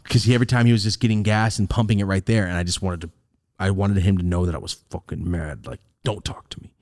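A young man hosting a podcast, telling a personal story in casual chat, animated, jumping from loud high bursts to low mutters. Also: quick pace, no echo, studio quality. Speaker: podcast host.

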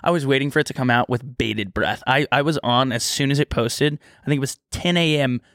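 A young man co-hosting a podcast rambles through a casual story, with "like" in every other phrase. His voice sits at an ordinary middle pitch. The sound is close and dry, with no room around it. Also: brisk, a bit bright, no echo. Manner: rambling storyteller, heavy use of "like". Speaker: podcast co-host. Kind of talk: casual chat.

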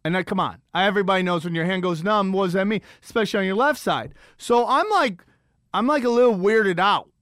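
Animated ranting comedian man, dry close mic. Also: fairly quick, no echo. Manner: animated, swearing, incredulous, jumps between high and low pitch. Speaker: podcast host. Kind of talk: comedic storytelling rant.

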